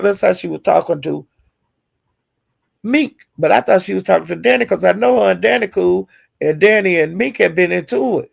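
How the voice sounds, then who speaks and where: A woman's voice: on the low side, expressive, normal speed, creaky, slightly rough. A woman streamer casually retelling online drama, chatty and acting out the quotes with chuckles. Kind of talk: casual gossip storytelling.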